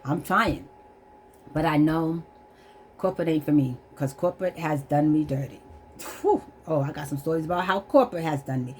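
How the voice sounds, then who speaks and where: Vlogger, woman, middle-aged, low voice, earnest and emotional, near tears, faint background noise. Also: a little fast. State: holding back tears. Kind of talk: candid personal testimony to camera.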